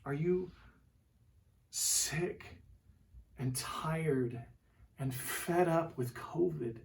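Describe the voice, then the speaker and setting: A man preaching a sermon, slow and deliberate, asking one rhetorical question after another and dropping to a soft whisper for quoted refrains. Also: a little high, vocal fry, distant mic. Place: church.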